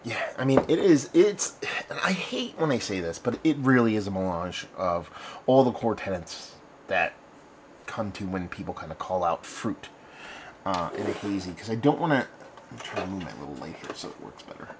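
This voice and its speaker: A man's voice: lowish voice, lively intonation, moderate pace, noisy background. A man hosting a casual beer review video, talking in a loose, rambling way and often correcting himself mid-sentence. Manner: rambling, conversational, self-correcting.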